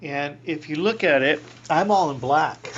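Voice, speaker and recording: A man in his sixties, a priest, telling a personal story in an interview, animated, acting out voices and laughing often. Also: fairly high pitch, unhurried, breathy edge, lo-fi sound.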